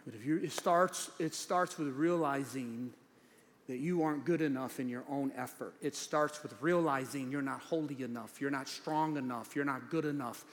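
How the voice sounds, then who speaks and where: A man preaching a sermon as pastor, animated, swinging from loud preaching to low asides. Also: normal speed. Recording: long hall reverb.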